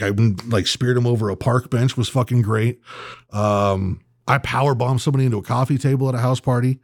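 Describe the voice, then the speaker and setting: A man's voice: mid-range voice, darkish tone, no echo, clean studio sound. A man telling a wild story in casual podcast chat, swearing constantly and acting out the quotes.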